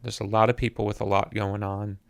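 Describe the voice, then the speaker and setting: A man in his fifties, a musician guest on a podcast, talks reflectively in an interview, often repeating words while he searches for them. His lowish, gravelly voice is brisk and flat in delivery. The podcast mic gives a studio-quality recording with no echo.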